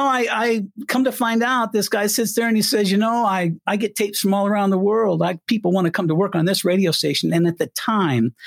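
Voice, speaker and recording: A man's voice: high-pitched, dry recording, clean studio sound. An older man from Colorado, a retired radio DJ, telling stories as an interview guest and acting out the voices in them. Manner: animated, acts out voices in his anecdotes. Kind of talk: storytelling interview.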